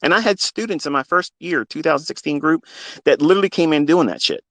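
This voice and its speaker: A man's voice: fairly high pitch, fast talker, a bit bright, dry recording. A fifty-year-old man, a trading mentor, speaking off the cuff in a live audio talk, emotional and blunt and swearing freely. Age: 50s.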